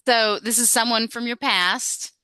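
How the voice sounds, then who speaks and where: Bright, crisp-voiced woman coaching on a call. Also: a little high, fairly even intonation, unhurried, dry recording. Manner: encouraging, chatty, with many restarts. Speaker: storytelling workshop facilitator. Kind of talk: casual workshop coaching on a video call. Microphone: video call.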